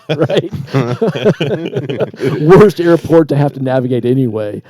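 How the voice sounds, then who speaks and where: A man co-hosting a podcast, casually telling a personal story with lively asides and repeated words. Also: mid-range voice, slow pace, pauses often, dry recording, clean studio sound. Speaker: podcast co-host. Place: Traverse City, Michigan.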